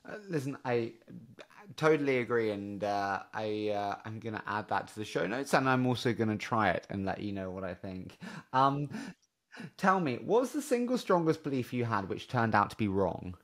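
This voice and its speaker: Man, podcast host, lively pitch, animated questions, conversational. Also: normal speed. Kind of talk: interview hosting.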